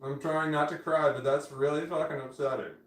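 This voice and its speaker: A man's voice: a little high, steady tone, fairly quick. A man in his forties livestreaming from home on a phone, rambling and swearing, often breaking off mid-sentence. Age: 40s. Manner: rambling, swearing, self-interrupting. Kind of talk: casual livestream chat. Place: indoors at home. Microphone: phone camera. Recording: echoey room, off-mic.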